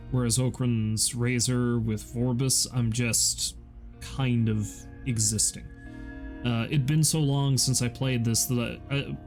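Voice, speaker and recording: A man's voice: medium pitch, darkish tone. A tired young man from Canada rambling wryly through a casual game stream. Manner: rambling, wry and self-deprecating. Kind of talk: casual gaming stream chat.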